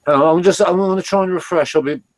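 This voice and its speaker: A man's voice: high-pitched, fast talker, no room sound. An English man chatting on a video call, rambling and hesitant with many fillers, slightly asthmatic. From England. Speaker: viewer on a live call. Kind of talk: casual chat.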